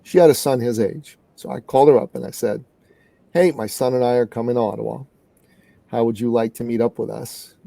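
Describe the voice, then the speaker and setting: A middle-aged man from Canada telling a story in an interview as a guest business coach, earnest and animated. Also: mid-range voice, vocal fry, dry recording.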